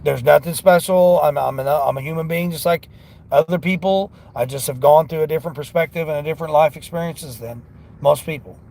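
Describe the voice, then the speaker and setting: A man's voice: a little high, brisk, vocal fry, a little mellow. A man vlogging from his car on delivery runs, talking in an earnest, rambling, motivational way. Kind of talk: casual talk while driving.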